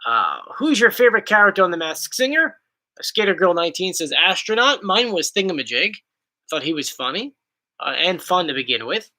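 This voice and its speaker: Young male host, chatty and playful, bright and animated delivery. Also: high voice, brisk, poor audio. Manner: rambling, playful, reads comments aloud. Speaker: YouTube host. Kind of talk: casual chat reading viewer questions.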